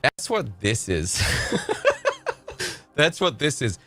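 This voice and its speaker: A man's voice: medium pitch, unhurried. A man hosting a live stream, reacting to a clip with sarcastic, sweary commentary. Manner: sarcastic, sweary, lively ranting.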